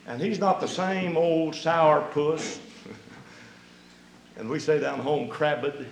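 Man preaching an emphatic, folksy sermon; high voice, echoing hall. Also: slow, gravelly, pauses often.

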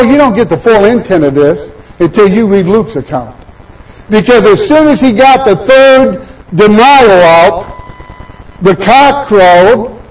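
Man, preacher, sermon, high voice, rhetorical questions, distant mic. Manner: asks the audience many rhetorical questions. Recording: voice picked up from far off.

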